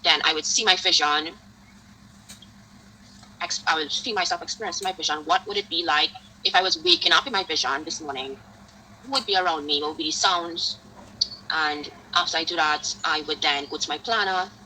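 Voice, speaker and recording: Bright-voiced woman hosting a casual chat. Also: sits low, brisk, a little hiss or hum, rough recording. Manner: lively storytelling with frequent "like" fillers. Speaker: podcast host.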